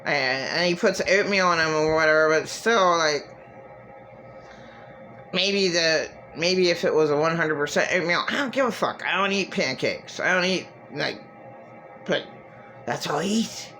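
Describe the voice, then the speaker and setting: A woman's voice: deep voice, unhurried, fairly bright tone, soft background music, low-quality recording. A middle-aged woman giving an emotional monologue to camera, agitated and profane, repeating herself and restarting her sentences. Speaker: vlogger.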